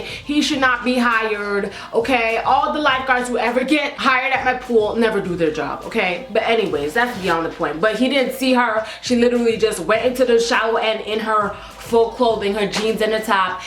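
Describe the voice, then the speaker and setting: A young woman, telling a dramatic storytime, sassy and animated. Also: a little high. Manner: sassy, dramatic, acts out quotes. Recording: roomy echo with faint music.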